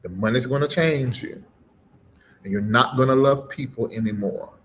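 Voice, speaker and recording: A man's voice: moderate pace, slight background noise. Emphatic preaching man. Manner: emphatic, swings between loud punches and low murmurs; repeats phrases with a rising preacher cadence. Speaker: preacher and livestream host. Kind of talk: preaching on a live stream.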